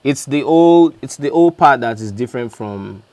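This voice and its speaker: Over a very noisy background, a man with a mid-range, lively voice explains at normal speed how he put a beat together. The producer keeps it casual and loose, chatting and fixing his own wording along the way.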